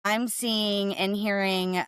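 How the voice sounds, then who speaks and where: A woman talks as a podcast guest in a brisk, emphatic way, often checking in with "right?". Her voice is smooth and resonant, and it is recorded close and dry. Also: mid-range voice, fairly even intonation, fairly bright tone, no room sound. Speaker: cargo claims and risk manager, guest. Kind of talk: podcast interview, explaining.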